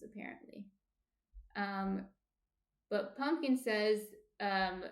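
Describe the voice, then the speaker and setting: A woman's voice: medium pitch, roomy sound. A woman from New Jersey chatting casually on a baking livestream, reading out viewer comments in a rambling way full of fillers and restarts. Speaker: baking streamer. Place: home kitchen.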